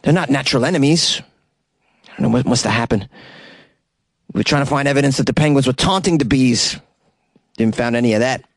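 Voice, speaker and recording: A man voicing an earnest, puzzled male bird conservationist in an attempted South African accent, mock-serious and halting. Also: mid-range voice, no room sound, studio quality, close to an everyday voice.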